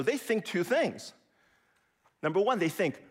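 A man preaching with a husky, slightly raised voice. His delivery is animated, with lots of rise and fall as he teaches. He talks to his listeners like a chatty teacher, asking "right?" and "okay?" as he goes. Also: high voice, unhurried, long pauses. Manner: lively, conversational preaching with frequent "okay?" and "right?". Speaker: pastor. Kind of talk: sermon.

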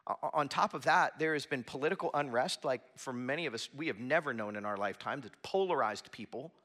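A man's voice: mid-range voice, brisk, a bit bright. A man preaching a sermon as pastor in a church with a small audience, earnest and conversational, often restarting his phrases.

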